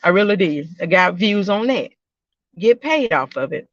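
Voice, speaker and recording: High-voiced man, loose casual vlog talk. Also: sing-song, normal speed, fairly bright tone, no echo, highs cut off. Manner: rambling, repeats himself, talks straight to viewers. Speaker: YouTube reaction channel host.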